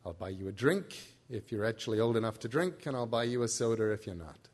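A quiet, weary grown man, read by a man who speaks low and steady. His lines come out subdued and sighing, in a plain storybook reading. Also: fairly quick. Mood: calm.

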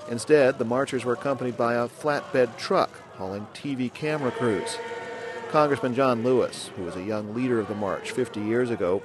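A man filing a scripted radio news report in an even, measured newsreader delivery. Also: medium pitch, background noise.

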